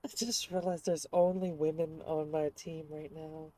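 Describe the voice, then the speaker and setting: A woman's voice: low voice, flat delivery, normal speed, warm tone. A woman streaming a game and commenting casually, often rambling and searching for words.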